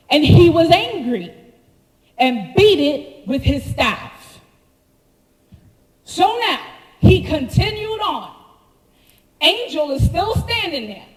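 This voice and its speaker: A woman preaching a sermon, telling the story with animated slangy asides to the congregation. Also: sits high, echoey room, big-room sound, rough recording. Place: church sanctuary.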